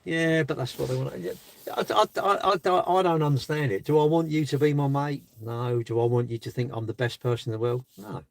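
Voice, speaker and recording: A man's voice: mid-range voice, a little fast, gravelly, few pauses, a little mellow, no room sound. A man chatting on a live stream from his parked car, rambling and asking rhetorical questions. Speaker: livestreamer. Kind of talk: casual live stream chat.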